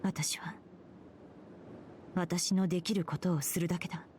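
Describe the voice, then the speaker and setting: A woman voicing a determined female mage's inner thoughts in a game, in whispered role-play, hushed and clipped. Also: on the low side, fairly even intonation, brisk, slight background noise, natural voice. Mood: resolute.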